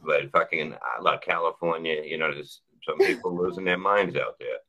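Very deep-voiced, blunt middle-aged man. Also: normal speed, creaky, pushed and bright, highs cut off. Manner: blunt, profane, storytelling. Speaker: comedian guest. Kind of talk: casual podcast chat.

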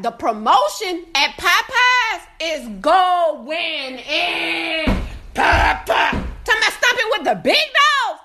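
High, lively, loud-mouthed woman ranting. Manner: loud, profane, animated, often shouting; laughs through her complaints. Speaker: food reviewer on a live video. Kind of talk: casual ranting review.

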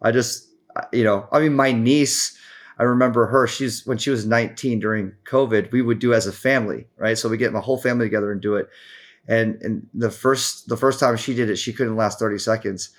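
Podcast guest, male, mid-pitched, rambling and animated, acts out quotes. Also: brisk. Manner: rambling, full of restarts and fillers. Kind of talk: casual chat.

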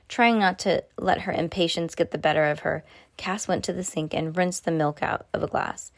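A woman's voice: lowish voice, normal speed, no echo, clean studio sound. A woman reading a novel aloud, stumbling now and then and restarting her sentences. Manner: unpolished reading with frequent slips and restarts. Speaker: reader.

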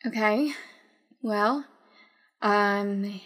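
A woman narrating a tabletop game as game master, in unhurried, descriptive narration. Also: mid-range voice, fairly bright tone.

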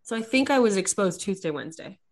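A woman's voice: mid-range voice, lively intonation, quick pace, darkish tone. A young woman co-hosting a podcast, chatting casually and telling stories with playful voiced quotes. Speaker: podcast co-host. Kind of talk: casual chat.

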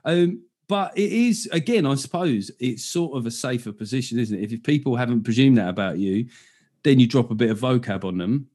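A man's voice: mid-range voice, brisk, dark tone. A man with a South London accent hosting a podcast, chatting loosely and laughing easily. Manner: rambling, sweary, laughs easily. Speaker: podcast host. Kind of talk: casual interview chat. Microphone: video call.

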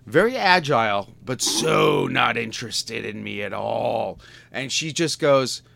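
A man's voice: mid-range voice, expressive, unhurried, vocal fry, bright, forceful tone, no echo. Exasperated man in his fifties ranting. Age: 50s. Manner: exasperated, profane, stammering restarts. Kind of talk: casual ranting storytelling.

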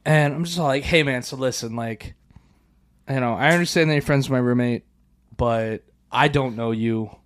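A man's voice: medium pitch, moderate pace. Guy on a podcast telling a crazy dream story, doing voices, cussing and laughing. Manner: animated, acts out quoted voices, swears a lot, laughs often. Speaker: podcast co-host. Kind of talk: casual storytelling chat.

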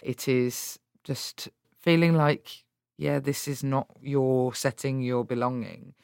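Blunt, animated woman politician. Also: a bass voice, slow, creaky, smooth, no room sound, studio quality. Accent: Birmingham English. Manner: blunt, animated, swears freely. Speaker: politician guest. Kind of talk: candid conversational interview.

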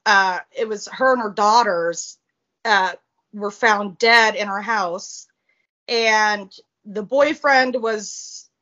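The guest in this casual interview is a woman with a high, fairly bright voice recounting a personal story. She talks bluntly and profanely with lots of animation, on a recording that is a little muffled.

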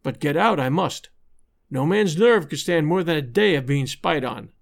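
Higher-voiced male audiobook narrator. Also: lively intonation, normal speed, creaky.

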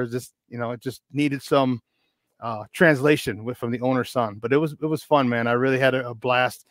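A man in his fifties, a podcast guest, telling a long casual story in an animated, rambling way with many restarts. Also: medium pitch, fairly quick, no echo, studio quality. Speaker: podcast guest, football expert.

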